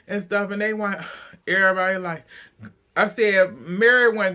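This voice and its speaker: A man recapping a reality show episode in casual, animated storytelling, acting out the cast's lines and often breaking into laughter. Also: sits high, moderate pace, smooth. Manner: animated storytelling, acts out cast quotes, laughs a lot.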